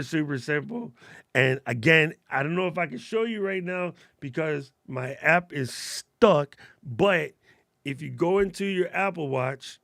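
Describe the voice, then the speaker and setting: Slangy, gravelly man on a live stream. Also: on the high side, a bit bright, dry recording, studio quality. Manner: casual, slangy and enthusiastic, answers viewer questions. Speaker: host of a live gear stream. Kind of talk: casual live-stream gear talk.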